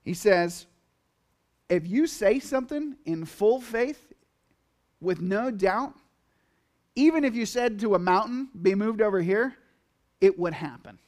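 A man with a fairly high voice preaches a sermon in an easy, talky way. He keeps it lively by acting out the listeners' reactions and quoted lines as he goes. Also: measured pace, pauses often. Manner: conversational, animated, acts out quotes in asides. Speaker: pastor.

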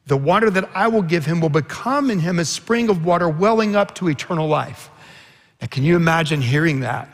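A man's voice: a little high, lively intonation, a little fast, big-room sound. A man preaching a sermon, telling a scripture story earnestly and quoting its dialogue with rising intensity. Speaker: pastor.

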